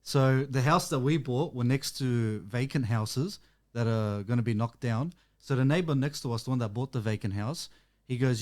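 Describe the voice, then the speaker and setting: A man's voice: mid-range voice, normal speed. A young man, co-hosting a casual chat and telling stories, acting out what people said. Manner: animated storyteller acting out quotes. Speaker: podcast co-host.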